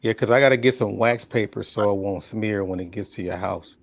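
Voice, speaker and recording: Low-voiced joking man on a muffled line. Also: fairly quick, vocal fry, no echo. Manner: joking, easygoing. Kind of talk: casual chat on a live call. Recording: muffled call line with faint noise.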